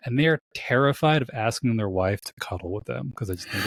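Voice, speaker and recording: A man's voice: medium pitch, expressive, fairly quick, few pauses, no echo. A man hosting a podcast, talking in a casual, rambling way, swearing freely and laughing easily. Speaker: podcast host. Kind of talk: casual conversational interview.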